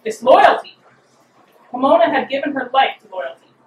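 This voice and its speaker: A woman author reading her own fiction aloud at a live event, measured and expressive. Her voice sits fairly high and reaches the mic from a distance. A roomy, echoing venue adds a faint hum behind her. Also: dull audio. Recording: roomy hall, mic from afar.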